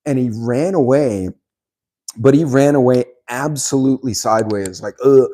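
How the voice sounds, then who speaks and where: Rambling dark-voiced middle-aged man. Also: mid-range voice, moderate pace. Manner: rambling storyteller, laughs often, many ums. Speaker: channel host. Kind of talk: casual chat reading viewer comments.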